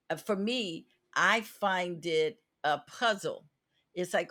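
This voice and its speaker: A woman's voice: lowish voice, slow, a bit bright. A woman hosting a podcast interview, an actress giving advice drawn from her own experience.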